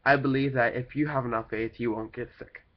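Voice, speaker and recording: A young man at home rambles through a casual vlog, packing his talk with fillers and loose asides. He is sick with a cold and sounds it. His medium-pitched voice comes through a dull, lo-fi home recording. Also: fairly even intonation, brisk. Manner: rambling, full of "like" and "kinda thing" fillers. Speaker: vlogger.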